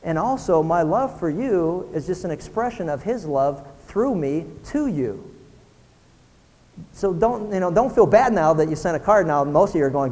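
A man pastor preaching a sermon, building from quiet talk to loud shouting and firing rhetorical questions. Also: high voice, animated, moderate pace, long reverb tail, a little hiss or hum.

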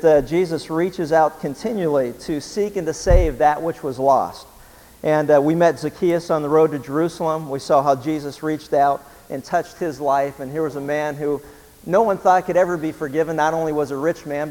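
A man preaching a sermon as pastor, a folksy storyteller who pauses often with "uh". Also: fairly high pitch, steady tone, a little mellow, big-room sound, poor audio. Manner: folksy storyteller, frequent filler "uh".

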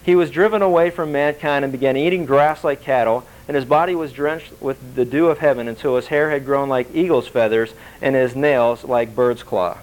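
Animated man preaching a sermon. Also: a little high, poor audio. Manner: animated, acts out quotes with shifting voice; conversational, asks the congregation questions. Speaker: pastor.

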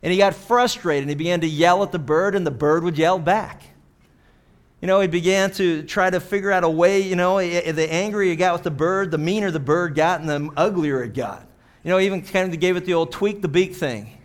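Chatty preacher man with a higher voice. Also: fairly quick. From Pittsburgh. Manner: chatty storytelling, many "you know" asides. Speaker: pastor. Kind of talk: sermon.

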